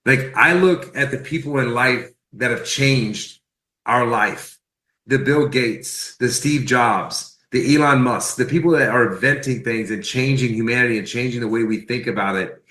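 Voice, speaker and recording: A man tells a personal story with bright, forceful energy and acts out each line of dialogue. His voice bounces around a roomy, echoing space. He keeps it lively and conversational throughout. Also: medium pitch, moderate pace. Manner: animated, acts out quoted dialogue. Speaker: speaker sharing a personal testimony.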